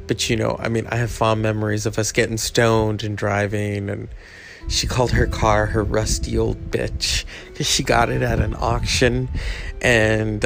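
Podcast host, male, gravelly tone, reflective and unhurried, casual tribute delivery. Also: medium pitch.

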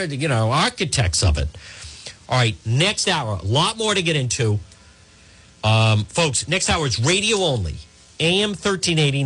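A man's voice: medium pitch, fairly bright tone, husky. A man hosting a talk radio show, ranting in an emphatic, repetitive, sarcastic manner.

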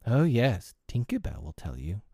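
A man voicing a prim, motherly young girl in a storybook reading, in a raised and lively pitch. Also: unhurried, no room sound, clean studio sound. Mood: scornful. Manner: prim, earnest, scornful at times. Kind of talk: storybook character voice.

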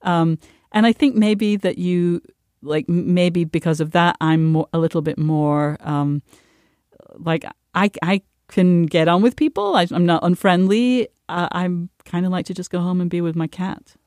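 A woman's voice: fairly low pitch, a little slow, a little mellow, dry recording, studio quality. Hesitant woman podcast co-host. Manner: hesitant, many fillers and restarts. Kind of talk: casual chat.

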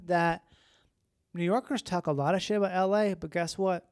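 Rambling, excitable podcast host. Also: mid-range voice, normal speed. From Los Angeles, US. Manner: rambling, excitable, lots of fillers. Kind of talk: casual chat.

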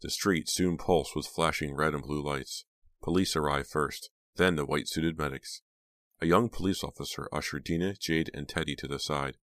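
A man reading an audiobook aloud in a steady, measured way. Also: rumbling low, no echo, clean studio sound. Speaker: audiobook narrator. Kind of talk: scripted audiobook narration.

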